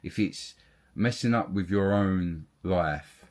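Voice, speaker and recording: Deep-voiced guy, co-host, chill chat, lots of yeah and go on. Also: a little mellow. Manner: encouraging, fills in with quick agreement. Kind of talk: casual chat.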